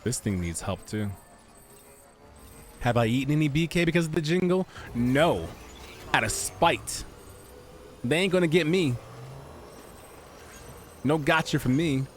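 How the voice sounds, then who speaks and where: A man's voice: fairly high pitch, animated, unhurried, long pauses, soft background music. A man streaming a video game, making jokey, rambling comments with goofy asides. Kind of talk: casual gameplay commentary.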